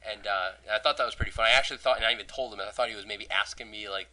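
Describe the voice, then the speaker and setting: A young man hosting a casual podcast, hoarse from losing his voice. He rambles, jokes, swears and restarts often. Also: lowish voice, steady tone, rapid-fire, sharp tone, rough recording. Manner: rambling, profane, joking, many restarts. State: hoarse, lost voice. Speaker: podcast host.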